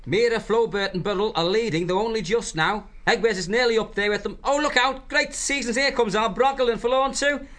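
A man voicing an excitable male woodland friar shouting breathless race commentary in a storybook reading. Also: high-pitched, a little fast, few pauses, voice pushed up. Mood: excited.

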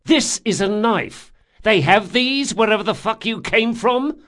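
A sharp-tongued thief, as a male narrator puts him on, menacing and sarcastic, swearing freely. His voice sits higher and louder than the narration, with a lively, hissing edge. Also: unhurried.

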